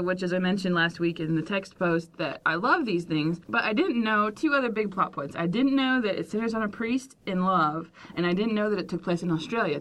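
A woman's voice: medium pitch, a bit bright. Chatty woman podcast co-host. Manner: chatty, laughs often. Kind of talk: casual chat recommending a book.

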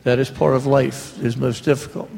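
An author on a book tour tells funny anecdotes to a live audience, his mid-range voice gravelly and darkish, his delivery flat and his pace moderate. The hall gives a long reverb, and soft music plays in the background.

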